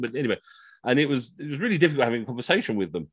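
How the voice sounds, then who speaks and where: A middle-aged man telling comic anecdotes on a video call, animated and slipping into funny voices for the people in his stories. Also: mid-range voice, very fast, husky, no echo. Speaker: costumed Henry VIII entertainer telling stories.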